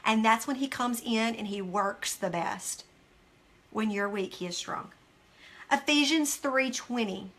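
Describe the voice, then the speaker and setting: A woman's voice: on the high side, measured pace, fairly bright tone. A woman hosting a devotional study, speaking earnestly and emphatically to viewers and reading scripture aloud.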